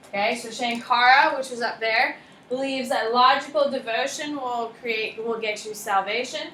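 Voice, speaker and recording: A woman's voice: fairly high pitch, fairly bright tone, roomy sound, slight background noise, poor audio. A woman teaching a lecture class, chatty and self-deprecating, often asking the class questions.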